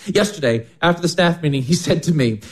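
A fussy, doting schoolteacher, chuckling as he talks. His voice leaps up and down in an animated way. This is radio drama acting. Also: fairly high pitch, fairly quick. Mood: chatty. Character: fussy, doting male schoolteacher, cheerfully self-satisfied.

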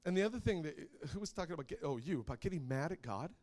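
A man in his thirties gives a sermon built on personal stories, laughing often and getting loud as he acts out scenes. His voice sits a little high for a man and swings widely in pitch. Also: very fast. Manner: animated storyteller who laughs often and gets loud when acting out scenes. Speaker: preacher.

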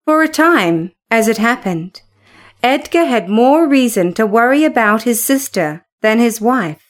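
A woman narrating a classic novel as an audiobook, in a calm and measured way. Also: on the high side.

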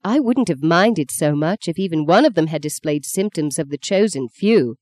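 A reader voicing Justine, a sharp-tongued, quick-tempered young actress, in an audiobook. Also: animated, no room sound, lightly acted. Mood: teasing. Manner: high, indignant outbursts. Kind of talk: audiobook character voice.

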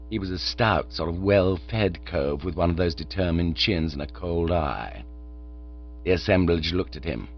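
A man reading comic fiction aloud with a wry, expressive touch. His pitch moves freely through the narration. The recording sounds a bit dull and lo-fi, with a mains hum underneath. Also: moderate pace, slightly rough. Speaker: audiobook reader.

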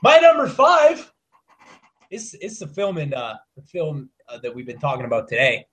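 A man's voice: medium pitch, animated, a little fast, fairly bright tone. A young man co-hosting a podcast, ranting in casual, profane chat about bad movies. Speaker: podcast co-host.

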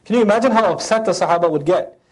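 Fast, high-voiced man teaching the Quran. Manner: animated, acts out voices of the verses; recites Arabic verses then translates. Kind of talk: Quran lecture.

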